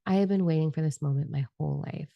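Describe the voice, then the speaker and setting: A woman's voice: deep voice, fast, gravelly, no room sound, highs cut off. A woman giving a spiritual energy forecast with tarot cards in a passionate, rambling and profane monologue. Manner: fervent, profane and rambling, admits getting carried away.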